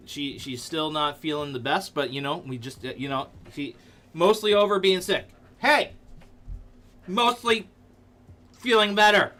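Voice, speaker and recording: A man hosting a casual livestream from his computer desk, playful and jokey, breaking into sudden loud outbursts. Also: on the high side. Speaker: livestream host. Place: seated at a computer in a dim room.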